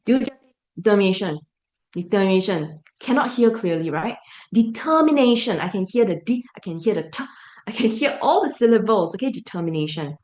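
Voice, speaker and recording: A woman's voice: on the high side, expressive, fast, darkish tone, roomy sound. A woman giving a parent briefing as a teacher, emphatic and full of rhetorical check-ins.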